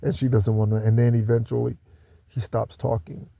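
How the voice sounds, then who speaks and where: Gravelly dark-voiced man preaching. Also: medium pitch, level tone, dry recording. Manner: preachy, repeats himself, slow stressed asides. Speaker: spiritual channel host. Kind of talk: solo spiritual talk to viewers.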